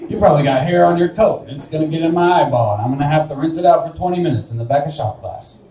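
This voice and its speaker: Warm in tone, slightly high and quick-paced, this young comedian from Wichita, Kansas performs a rambling, self-deprecating set on a small bar's live stage. Laughing often at his own jokes, he's captured from a distance in the echoey bar room.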